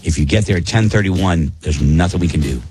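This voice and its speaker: A man's voice: low voice, a little fast, darkish tone, soft background music. A man hosting a radio show, talking bluntly and plainly in casual banter with co-hosts.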